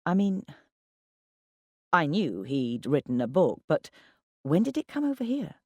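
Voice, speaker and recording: A man's voice: a little high, wildly swooping pitch, measured pace, no echo, clean studio sound. A man reading a first-person novel aloud in a wry, conversational storytelling manner. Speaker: audiobook reader. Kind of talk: first-person literary narration.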